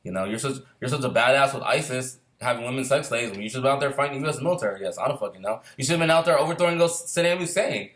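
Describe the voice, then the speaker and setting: A man's voice: medium pitch, expressive, very fast, few pauses, a bit bright. A man on a heated, profane casual rant, firing off rhetorical questions. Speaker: filmmaker sharing opinions. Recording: roomy echo.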